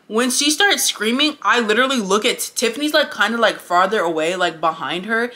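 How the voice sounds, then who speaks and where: Young woman, vlogger, casual storytime, blunt, emphatic, profane, bright tone. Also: fairly high pitch, fairly quick, hardly any pauses. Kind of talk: casual storytime while getting ready.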